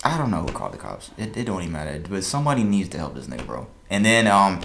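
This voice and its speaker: Brief: young male podcast host, lower voice, quick and profane, lots of swings in pitch. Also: gravelly. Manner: rapid, profane, animated commentary. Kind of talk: casual podcast chat.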